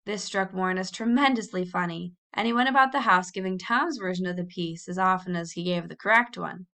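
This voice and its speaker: A woman's voice: lowish voice, fairly even intonation, a little fast, pushed and bright. A woman reading a classic children's novel aloud as a storyteller, lifting her voice for the children's quoted lines. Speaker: audiobook reader. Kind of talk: scripted narration of a children's novel.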